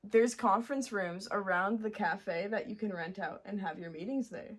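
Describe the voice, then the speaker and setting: A woman's voice: medium pitch, normal speed, breathy edge. A young woman from Montreal, a guest, chatting casually and easily about her favorite cafes. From Montreal, Canada. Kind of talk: casual interview chat.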